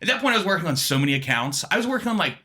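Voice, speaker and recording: A young man, a guest comedian, telling animated stories with lots of fillers and the odd swear. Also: sits high, racing. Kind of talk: comedic storytelling.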